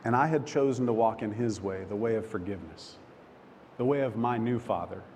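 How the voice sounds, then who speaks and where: A man preaching a sermon, telling a personal story with emotion, halting and restarting often. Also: lowish voice, a little mellow. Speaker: pastor. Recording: long hall reverb, faint background noise.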